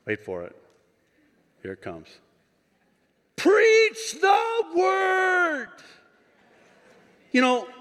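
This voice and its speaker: A male pastor preaching a conference sermon, moving from quiet asides to impassioned shouting with joking digressions. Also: mid-range voice. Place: large conference hall. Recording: long hall reverb from a live conference.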